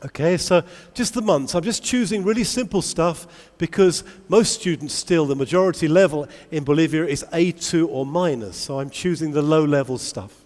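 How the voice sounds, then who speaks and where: A man giving a lively conference talk to English teachers, asking the audience many questions. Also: a little high, normal speed, hardly any pauses. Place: large convention hall. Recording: long hall reverb.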